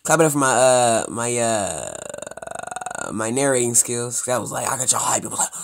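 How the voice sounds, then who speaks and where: A man's voice: medium pitch, sing-song, unhurried, gravelly. A young man reading a story game aloud, breaking off into joking, rambling asides. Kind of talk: let's play commentary.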